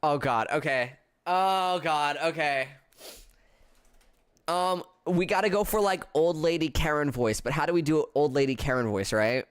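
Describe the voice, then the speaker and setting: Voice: medium pitch, a little slow, smooth. A streamer chatting casually with viewers while playing through a story game. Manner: chatty, laughing, self-interrupting.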